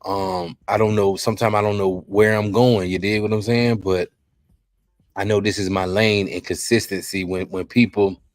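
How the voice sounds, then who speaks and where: A man hosting a podcast, talking in an emotional, halting way, worn out and near tears, often repeating himself. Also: fairly low pitch, fairly even intonation, dry recording. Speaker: podcast host.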